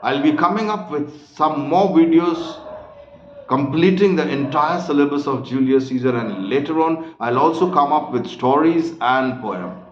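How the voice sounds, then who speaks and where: A man's voice: fairly high pitch, unhurried. A man with an Indian English accent teaching a literature lesson line by line. He explains patiently and calls his students children. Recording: roomy, dull lo-fi room recording.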